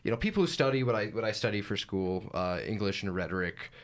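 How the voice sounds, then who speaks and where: A man's voice: fairly low pitch, lively intonation, fast talker. A young man hosting a radio talk show, chatting casually with many restarts and repeated words. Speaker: radio host. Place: radio studio.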